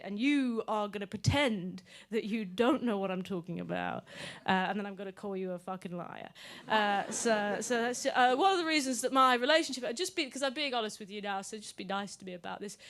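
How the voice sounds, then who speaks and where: A woman's voice: mid-range voice, fairly bright tone. A woman doing stand-up crowd work at a comedy club, bantering with the audience and swearing freely.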